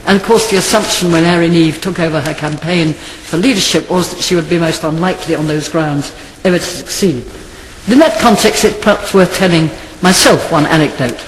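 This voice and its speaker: A man telling an anecdote to an audience in a measured storytelling way. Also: a little high, a little hiss or hum. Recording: echoey hall.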